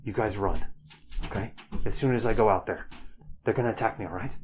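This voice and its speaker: A man voicing a chatty, brave young male hero in a tabletop game, talking fast and anxiously. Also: on the low side, slight background noise, close to an everyday voice. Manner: fast, worried, then yelling. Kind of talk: tabletop role-play voice.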